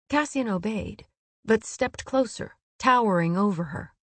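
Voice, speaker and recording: A woman narrating a story aloud in a measured, steady reading voice. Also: medium pitch, no room sound. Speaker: audiobook narrator. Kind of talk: scripted narration.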